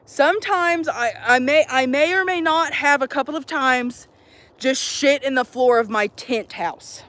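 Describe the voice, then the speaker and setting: Animated, high-voiced young woman vlogging outdoors. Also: a little slow. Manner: animated, profane, jokey. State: out of breath. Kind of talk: casual chat to camera. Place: outdoors at a campsite.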